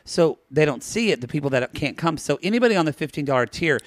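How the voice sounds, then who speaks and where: A man co-hosting a podcast in casual chat, animated and playful, jumping into high-pitched quoted voices. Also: quick pace, no room sound. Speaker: podcast co-host.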